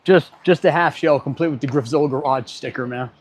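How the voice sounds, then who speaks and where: A middle-aged man who works as an automotive technician livestreams casually as he works, his fairly high voice fairly quick. He mutters, grows irritated easily, and jokes dryly. The stream audio is dull and lo-fi, with slight background noise.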